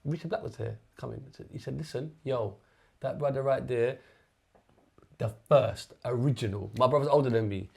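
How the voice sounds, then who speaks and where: A man's voice: mid-range voice, normal speed, vocal fry, a little mellow. Emphatic male podcast host, slightly off-mic. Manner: emphatic, calls people bro. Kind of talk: casual chat.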